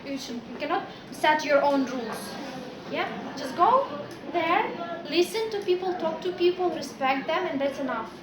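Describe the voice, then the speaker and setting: A woman's voice: high-pitched, expressive, normal speed, a crowd in the background. A woman from Ukraine giving a chatty, anecdotal talk to a class as a guest speaker, with many fillers like "like" and "yeah". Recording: echoey classroom with students.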